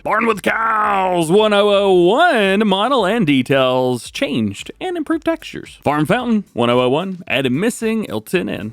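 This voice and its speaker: A man's voice: sits high, no echo. A man hosting a gaming channel, reading game mod update notes aloud and adding wry asides.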